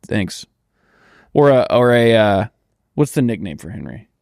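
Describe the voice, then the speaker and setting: A man co-hosting a podcast in casual chat, throwing in playful deadpan jokes. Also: fairly low pitch, unhurried, vocal fry, no room sound, studio quality. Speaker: podcast co-host.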